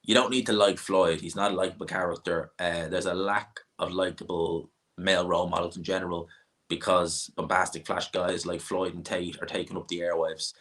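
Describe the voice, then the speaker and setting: A man's voice: deep voice, level tone, fairly quick, a bit bright. An Irish man hosting a casual livestream, answering viewer comments with rambling, opinionated talk. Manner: opinionated and rambling, frequent restarts. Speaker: livestream host.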